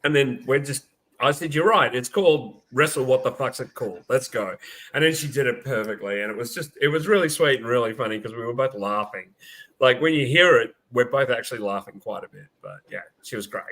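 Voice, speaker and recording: A man's voice: mid-range voice, brisk, a bit bright, poor audio. Australian man host, casual storytelling. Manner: swears freely, laughs while telling stories. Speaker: podcast host. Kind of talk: casual chat.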